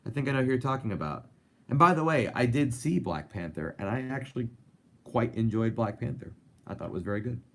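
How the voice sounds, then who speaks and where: A man's voice: medium pitch, animated, a little fast, creaky. A young man hosting a casual live stream. He rambles and reads viewer comments aloud. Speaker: host.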